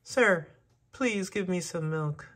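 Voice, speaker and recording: A man putting on a high pleading little mouse. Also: slow pace, a bit bright, slightly rough, full character voice. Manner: pleading, breathless. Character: timid little mouse begging for mercy.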